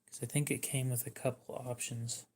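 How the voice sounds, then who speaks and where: A man's voice: mid-range voice, flat delivery, normal speed, darkish tone, husky. A young man hosting a livestream, giving dry, teasing replies to chat in casual talk. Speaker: livestream host.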